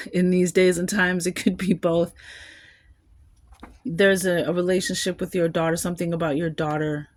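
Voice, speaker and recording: A woman's voice: fairly low pitch, little pitch movement, moderate pace, pauses often. A woman giving a collective tarot reading, musing aloud and rambling, with small laughs between thoughts. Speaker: tarot card reader.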